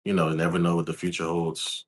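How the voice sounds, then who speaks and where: A laid-back young man from Louisiana, answering interview questions as a guest in a calm, soft-spoken way. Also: sits low, a little fast. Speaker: guest, videographer.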